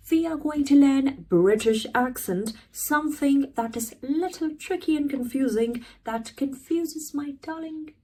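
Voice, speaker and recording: A woman's voice: fairly high pitch, darkish tone. A woman teaching English pronunciation, speaking encouragingly and repeating each word for her learners. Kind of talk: slow-paced pronunciation lesson.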